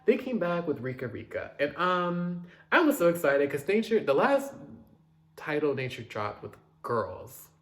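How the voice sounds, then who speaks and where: A man casually reviewing new pop releases, chatty and dramatic, with quick asides and loud outbursts. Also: on the high side, big pitch swings. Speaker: music reviewer.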